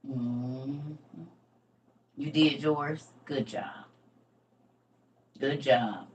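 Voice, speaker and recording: A woman's voice: extremely low pitch, fairly even intonation, very slow, a little mellow. A middle-aged woman, rambling and folksy as she hosts a casual livestream lesson. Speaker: livestream host and teacher. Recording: distant mic with faint background noise.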